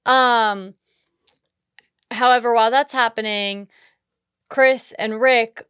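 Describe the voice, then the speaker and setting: A woman's voice: a little high, fairly even intonation, takes it slowly, fairly bright tone, clean tone, no room sound, clean studio sound. A young woman co-hosting a podcast, recapping a horror film in frank, casual chat. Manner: frank, casual, blunt asides. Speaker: podcast co-host.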